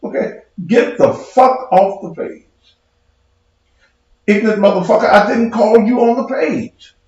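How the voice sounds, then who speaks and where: A man's voice: high-pitched, measured pace, a little mellow, lo-fi sound. A man who preaches and hosts his own show, in a heated livestream rant, profane, combative and mocking. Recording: very echoey room.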